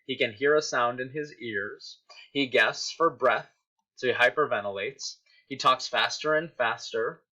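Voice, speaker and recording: Male teacher, recorded lesson, explanatory, crisp bright tone, slightly muffled sound. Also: medium pitch, a little slow. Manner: explanatory, checks in with "right?". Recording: dull lo-fi recording.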